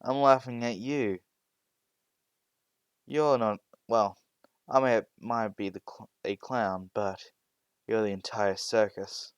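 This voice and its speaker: A man voicing a smug, mocking teenage boy magician in a spoken fan-fiction story, with a calm, taunting delivery. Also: lowish voice, slow, pauses often, clear, resonant tone, no room sound.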